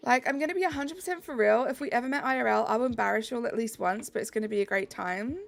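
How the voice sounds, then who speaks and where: Chatty young English streamer with gravelly voice. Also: female voice, on the high side, quick pace, faint music behind. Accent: Southeast English. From England. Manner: chatty, reads chat aloud, upbeat. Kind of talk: live-stream chat while gaming.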